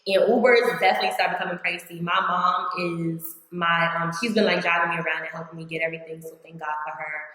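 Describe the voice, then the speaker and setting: A woman's voice: lowish voice, fairly even intonation, quick pace, hardly any pauses, pushed and bright. A young woman from New York vlogging a casual life update, chatty, saying "like" constantly and acting out her own past words. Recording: very echoey room.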